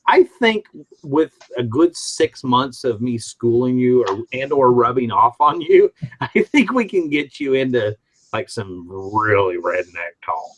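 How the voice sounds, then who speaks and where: A man's voice: mid-range voice, sing-song, unhurried, poor audio. Rambling man from the Midwest, hosting. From Midwest of the United States. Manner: rambling storyteller with frequent restarts. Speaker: host reading live chat. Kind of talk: casual live-stream chat.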